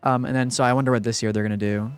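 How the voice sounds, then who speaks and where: A man's voice: medium pitch, fairly even intonation, racing, smooth. A young man streaming live, chatting casually and rambling with lots of fillers while thanking viewers.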